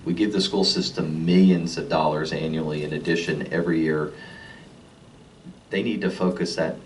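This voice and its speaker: A county supervisor arguing firmly at a public debate. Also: male voice, low voice. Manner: firm, argumentative. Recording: distant mic with faint noise.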